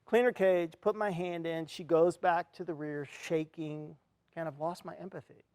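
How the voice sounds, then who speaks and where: Earnest male speaker, slightly high voice, heartfelt storytelling, close dry sound. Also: fairly even intonation, moderate pace, darkish tone, smooth, dry recording. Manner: earnest storyteller, acts out his own reactions. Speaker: speaker at an education event. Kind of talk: motivational talk with personal story.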